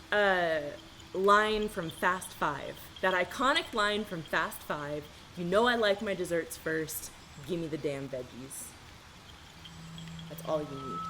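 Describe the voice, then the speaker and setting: A woman's voice: lowish voice, slight background noise. A woman streaming a video game live, chatting casually and rambling through stories with easy laughs.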